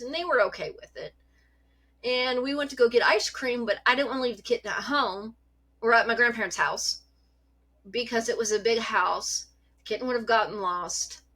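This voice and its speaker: A woman vlogger telling a story about her cat in a chatty, animated way, swearing freely. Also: on the high side. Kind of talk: casual storytelling.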